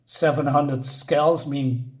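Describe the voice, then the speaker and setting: A man's voice: a little high, fairly even intonation, takes it slowly. Rambling man reviewing comics. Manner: rambling, amused, lots of fillers. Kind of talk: casual spoken review.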